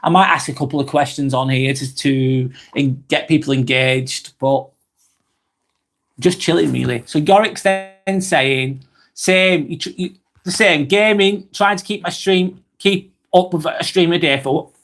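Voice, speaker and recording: A man hosting a slow, rambling live-stream vlog, reading out viewer comments with many fillers and apologies, a little under the weather. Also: a little high, a bit bright. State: slightly under the weather, occasional cough.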